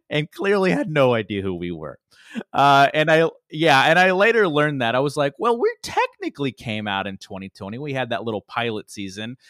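Animated, laughing podcast host man. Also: medium pitch, no room sound, clean studio sound. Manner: chatty, laughs often, swears casually. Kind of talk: casual storytelling chat.

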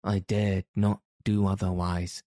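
A man's voice: sits low, little pitch movement, takes it slowly, dark tone, dry recording, studio quality. A man voicing a timid male imp servant who pleads humbly and stammers in fear. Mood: pleading, fearful.

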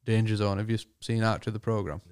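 A man's voice: on the low side, little pitch movement, quick pace, a little mellow, smooth, dry recording, clean studio sound. A man in a band, chatting easily as a guest on a podcast. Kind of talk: casual chat.

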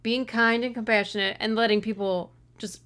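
A woman's voice: on the high side, fairly even intonation, moderate pace, fairly bright tone, clean tone. A woman co-hosting a podcast, talking casually and thoughtfully about a listener's story. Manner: reflective, conversational, uses "you know" and "like". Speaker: podcast co-host. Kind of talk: casual chat.

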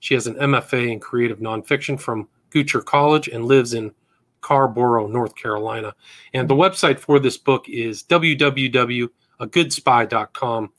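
A man's voice: mid-range voice, normal speed, fairly bright tone. A man hosting an interview podcast, introducing his guest in a plain, informal way with small stumbles. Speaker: podcast host.

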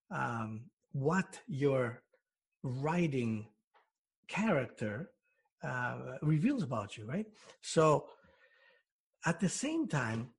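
A man's voice: mid-range voice, husky. A man who works as a hypnotherapist, explaining ideas in an interview through everyday examples, with frequent restarts.

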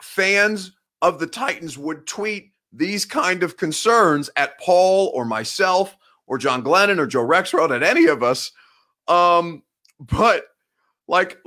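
A man's voice: high-pitched, lively intonation, slow pace, pushed and bright. A man around thirty hosting a casual live show, rambling and cutting himself off, laughing often. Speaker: podcast host and sports reporter. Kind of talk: casual live-show chat, reading viewer comments.

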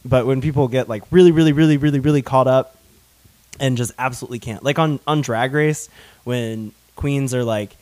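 A man's voice: medium pitch, a little fast, darkish tone, no room sound. Casting: young Southern man, talkative podcast co-host, dry close sound. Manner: chatty, laughs often, many restarts. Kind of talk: casual chat.

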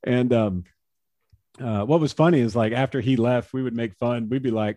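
A man in his forties tells stories as a podcast guest. He is chatty, laughs often, and fills his speech with fillers. His voice is mid-pitched and recorded dry and close. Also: a little fast, darkish tone, no echo. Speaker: guest, former pro baseball pitcher. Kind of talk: casual storytelling in an interview.

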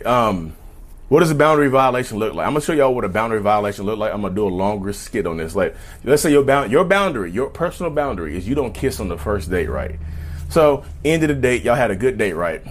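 A man's voice: lowish voice, expressive, fairly quick. A man with a slight lisp from new dental work, giving viewers a rambling, emphatic advice rant and repeating his points. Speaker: vlogger.

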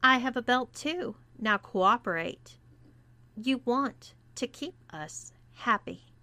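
A woman voicing a bossy, domineering young woman who gives commands in a taunting tone, read out slowly. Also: fairly high pitch, expressive, bright, forceful tone, no echo, exaggerated voice.

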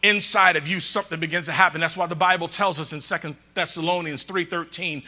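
A man pastor preaching a sermon, calling out to the congregation and swinging between loud bursts and quiet asides. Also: fairly high pitch, steady tone, quick pace, few pauses.

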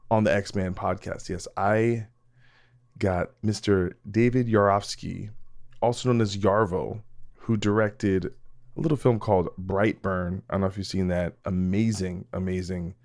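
A man's voice: low-pitched, a little mellow. A man hosting a podcast, talking on his own in a loose, rambling monologue, mocking himself, swearing, and speaking straight to his listeners. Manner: rambling, self-mocking, frequent restarts and laughs; swearing, direct address to listeners. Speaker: podcast host. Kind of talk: casual solo podcast monologue.

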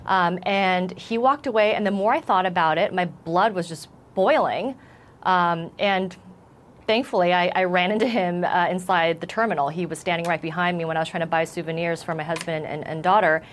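Shaken woman correspondent, low-pitched. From United States. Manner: earnest, halting with repeated starts. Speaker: news correspondent. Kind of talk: TV news interview.

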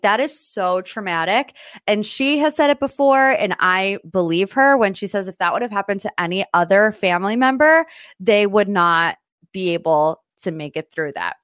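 A woman's voice: medium pitch, no echo. Chatty woman hosting a podcast, dry sound. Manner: chatty, animated, exasperated. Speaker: podcast host. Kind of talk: casual opinion commentary.

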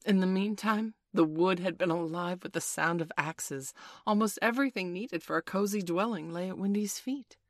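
A woman's voice: on the low side, moderate pace, no room sound. Woman reading a storybook, dry close sound. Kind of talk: storybook read-aloud narration.

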